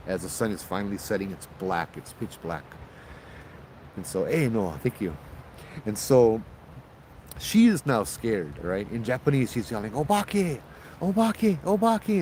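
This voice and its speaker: Low-voiced man telling ghost stories. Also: a little hiss or hum, poor audio. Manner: loose, animated, with repeated restarts and fillers. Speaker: ghost story host. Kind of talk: casual spoken ghost storytelling.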